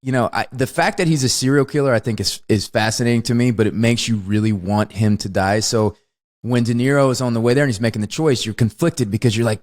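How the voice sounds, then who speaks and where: A man in casual movie talk on a podcast, animated and laughing often. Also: medium pitch, fast. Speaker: podcast panelist.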